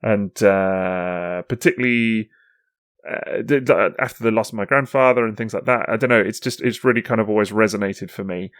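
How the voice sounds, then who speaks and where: A man co-hosting a casual podcast, lively and often laughing as he steers the chat. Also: on the low side, brisk, no echo, clean studio sound. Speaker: podcast co-host.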